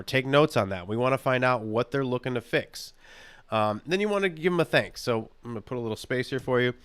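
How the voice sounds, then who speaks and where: A man's voice: medium pitch, fairly bright tone, clean tone. A man teaching a phone call script in a casual, instructive way, reading lines aloud with many fillers. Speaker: real estate investing trainer. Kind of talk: walking through a call script.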